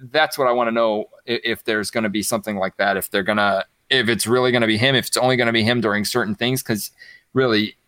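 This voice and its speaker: A man co-hosting a casual podcast chat, explaining his thoughts at length in a relaxed, musing way. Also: fairly low pitch, fast talker, no room sound. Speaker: podcast co-host.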